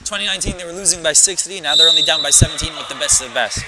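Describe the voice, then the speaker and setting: A young man commentating a school basketball game live, excitable and joking, hyping up one player. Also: fairly high pitch, rapid-fire, over a noisy crowd, low-quality recording. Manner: excitable, hypes up a player, jokey. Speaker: student play-by-play commentator. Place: school gym. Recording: loud gym noise behind.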